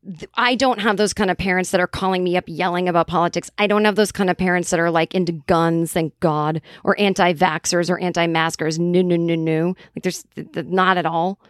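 A woman's voice: on the low side, steady tone, brisk, dry recording. Casual woman podcaster from Boston, rambly and profane, close dry mic. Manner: rambling and profane, full of tangents and fillers. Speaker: comedian and podcast host. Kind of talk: casual chat.

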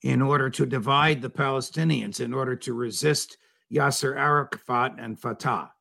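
Gravelly man asking short halting questions. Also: medium pitch, fairly even intonation, a bit bright. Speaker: interviewer.

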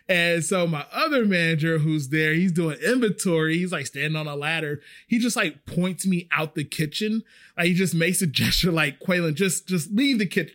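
A man casually telling a story about his restaurant job, animated and swearing freely. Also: fairly high pitch. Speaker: restaurant server.

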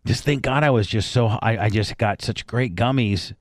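A man's voice: medium pitch, normal speed, dry recording. Profane rambling male radio host. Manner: rambling, profane, many restarts. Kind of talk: casual crude chat.

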